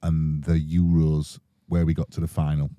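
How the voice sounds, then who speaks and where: A man's voice: a bass voice, moderate pace, no room sound, studio quality. Sweary sheffield man telling stories. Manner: sweary, animated, acts out voices in anecdotes. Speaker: guest musician. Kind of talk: casual podcast storytelling.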